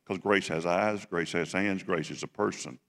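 Preacher in an echoing church. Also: male voice, deep voice, normal speed, a bit bright. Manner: emphatic, repetitive preaching with rhetorical questions. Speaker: pastor. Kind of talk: Sunday sermon. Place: large church sanctuary. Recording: long echo of a church hall.

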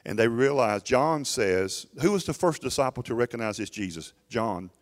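A man's voice: medium pitch, animated, moderate pace. A middle-aged man preaching a sermon in a church, emphatic and urging, often restarting his words. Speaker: pastor.

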